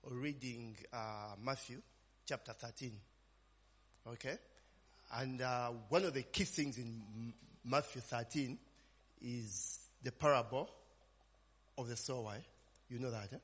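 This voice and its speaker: A man's voice: medium pitch, breathy edge. A man preaching an informal sermon, conversational, tagging his lines with "eh?" and "amen?" and asking the congregation questions. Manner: conversational, frequent "eh?" and "amen?" tags, call-and-response questions. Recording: long reverb.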